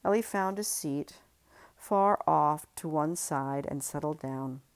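A woman, an author and podcast host, reading her own novel aloud in a measured, steady voice. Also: low voice.

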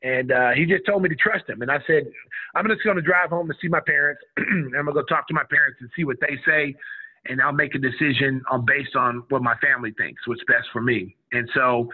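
Middle-aged man, ex-player storyteller, lively quotes, tinny radio sound. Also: a little high, slightly rough. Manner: animated, acts out quotes of others. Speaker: former college basketball player telling a story. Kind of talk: casual storytelling on a radio show. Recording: tinny phone-like radio audio.

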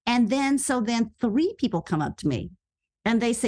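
Lively storytelling actress, quick and animated. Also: female voice, a little high. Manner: lively, quick, acts out quoted voices. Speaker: actress and radio host guest. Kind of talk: animated storytelling in a podcast interview.

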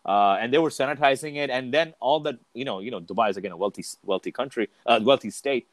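A man's voice: medium pitch, fast talker, no echo. A man as a podcast guest in casual chat, telling stories candidly, swearing freely and restarting his sentences often.

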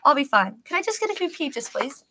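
A woman voicing a sickly young noblewoman who speaks weakly and softly in a storybook reading. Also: high-pitched, big pitch swings, fairly quick, a little hiss or hum, heavily acted. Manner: weak, soft.

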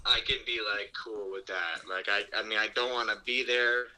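A man's voice: on the low side, steady tone, normal speed, pushed and bright. A man on a phone call, casually telling a rambling story with laughs and backtracks. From New York. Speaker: phone-in guest. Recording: phone line.

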